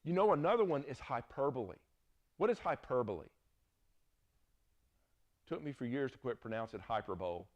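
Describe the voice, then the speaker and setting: A man's voice: mid-range voice, darkish tone. Middle-aged Southern man, folksy Bible teacher, storytelling lecture with frequent check-ins.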